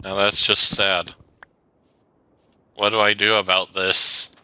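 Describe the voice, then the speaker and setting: A man talking through a live game stream, his voice very bright and cutting, pitched a little low. He chats casually, answers viewer questions and reacts to what happens in the game. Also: level tone, takes it slowly, clean tone, no echo. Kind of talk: live gaming stream chat.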